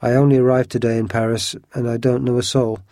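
A man's voice: medium pitch, flat delivery, quick pace, mellow, no room sound, clean studio sound, lightly acted. A man voicing a polite, eager young swordsman newly arrived in the city, in a storybook reading.

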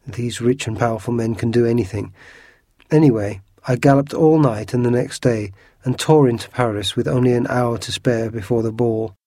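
An eager young swordsman recounting his ride with earnest energy, voiced by a man reading aloud. The tone is warm and mellow, captured dry and close. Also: mid-range voice, normal speed, no echo, lightly acted.

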